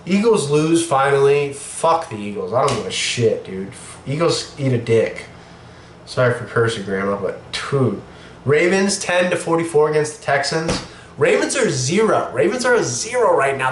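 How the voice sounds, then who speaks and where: A man's voice: a little high, fairly bright tone. A young man hosting a casual sports opinion show, blunt and profane, sick with a cough. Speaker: show host. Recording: echoey room with faint noise.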